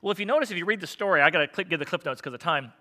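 A man preaching a sermon, telling the story in a lively, conversational way and acting out the characters' lines. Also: high-pitched, very fast. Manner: animated storytelling with acted-out quotes. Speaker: pastor.

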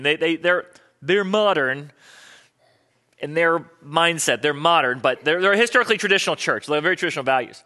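A man's voice: on the high side, pushed and bright. A middle-aged man preaching as a pastor, telling chatty personal stories in a sermon. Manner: chatty, storytelling, quotes people in voices.

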